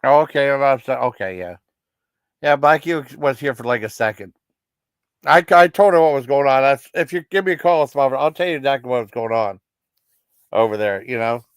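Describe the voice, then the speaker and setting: A man's voice: medium pitch, expressive, fairly quick, clear, resonant tone, dry recording, clean studio sound. A man hosting a livestream, chatting casually with viewers in a rambling, apologetic, reassuring way. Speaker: livestream host.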